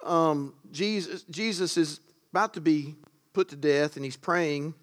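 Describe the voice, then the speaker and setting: A man's voice: on the high side, unhurried. Emphatic man preaching a sermon. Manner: emphatic, rising to loud stresses on key words; conversational asides to the congregation.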